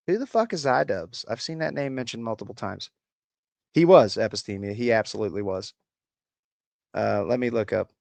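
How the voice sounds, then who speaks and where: A man's voice: mid-range voice, lively intonation, moderate pace, creaky, long pauses, a little mellow, dry recording. Man, slight Appalachian country accent, livestream host, crude and sarcastic, dry close mic. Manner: crude, sarcastic, swearing, reads chat aloud. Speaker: livestream host reading chat. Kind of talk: casual livestream chat.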